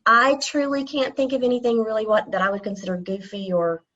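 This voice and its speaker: A woman's voice: fairly high pitch, steady tone, a little fast, a bit bright. Woman in her fifties, North Georgia Southern accent, easygoing podcast guest, lo-fi muffled line. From North Georgia, USA. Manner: easygoing, laughs often. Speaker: podcast guest, dental business coach. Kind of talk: casual interview chat.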